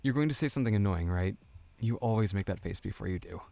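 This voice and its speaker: A cocky, teasing young male coworker, put on by a woman reading a visual novel aloud. The voice is pushed extremely low and swoops with lively, bouncing intonation. The sound is dry and close, with no room around it. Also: fast talker, vocal fry, dry recording, full character voice. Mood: smug.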